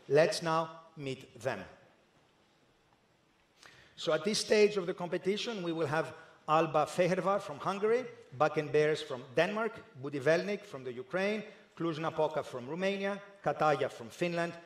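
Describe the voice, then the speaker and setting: Higher-voiced man presenting a draw ceremony. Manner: measured and methodical, with occasional hesitations. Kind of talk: formal live announcing. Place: indoor ceremony hall.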